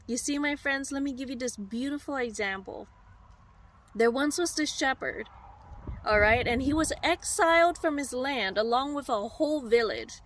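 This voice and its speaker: Brief: woman preacher, high voice, animated heartfelt sermon storytelling. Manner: animated, heartfelt, direct to listeners.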